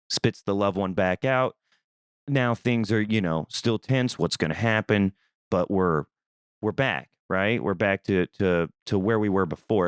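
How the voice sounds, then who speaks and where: A young man from Missouri hosting a podcast, telling a rambling, animated story in a casual, swearing manner. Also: lowish voice, smooth, no echo, clean studio sound. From Missouri, USA. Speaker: podcast host.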